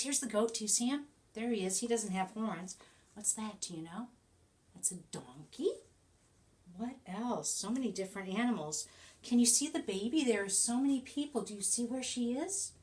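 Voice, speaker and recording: A woman teacher reading a picture book aloud to young children, animated and coaxing, often asking them questions. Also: on the low side.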